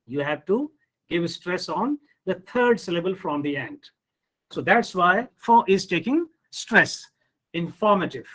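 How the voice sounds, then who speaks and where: A man's voice: sits high, a bit bright, low-quality recording. A man, a professor teaching pronunciation in an online lesson, who drills words one at a time and answers his own questions.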